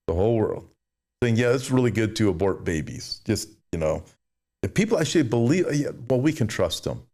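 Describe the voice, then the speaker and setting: A man preaching a sermon, reading Bible verses and commenting emphatically, with mocking asides and frequent restarts. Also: darkish tone. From United States. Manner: mimics complainers in a whiny high voice. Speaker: show host.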